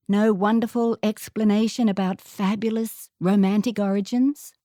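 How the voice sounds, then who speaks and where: An older Australian woman reads a first-person story in a measured, reflective way. Her voice is mellow and dark-toned, and the recording is close and dry with no room sound. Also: medium pitch, lively intonation, no echo. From Northern England, raised in Queensland.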